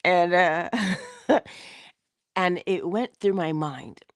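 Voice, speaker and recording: A woman's voice: on the low side, very slow, clean tone, dry recording, clean studio sound. A middle-aged woman hosting a casual inspirational morning talk, dropping into whispers for emphasis and laughing often as she tells a story. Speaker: host of a morning inspiration show.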